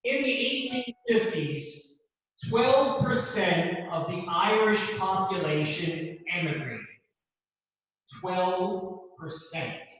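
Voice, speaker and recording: Unhurried man lecturing in echoing hall. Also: high-pitched, expressive, a bit bright. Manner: measured, deliberate delivery with emphatic repeats. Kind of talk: classroom lecture. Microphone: distant room mic, also streamed to Zoom. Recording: distant, echoey, dull hall recording.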